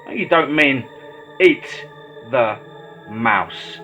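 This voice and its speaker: A man's voice: mid-range voice, expressive, extremely slow, bright, forceful tone, soft background music, exaggerated voice, low-quality recording. A man voicing a frightened but defiant young woman held captive in a horror story, speaking in a raised, pleading, snapping way. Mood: defiant, desperate.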